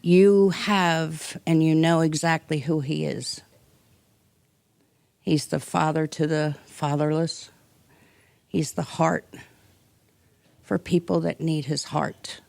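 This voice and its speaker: A woman introducing the guest speaker in church, halting and emotional, with many pauses and fillers. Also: low-pitched, steady tone, vocal fry, darkish tone, no room sound. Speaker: speaker's wife introducing him. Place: church sanctuary.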